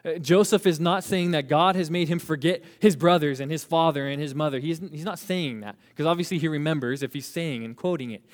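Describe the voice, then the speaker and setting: A man preaching a sermon, leading the congregation in call-and-response and slowing down to stress key phrases. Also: fairly high pitch. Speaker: pastor. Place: church sanctuary. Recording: reverberant hall.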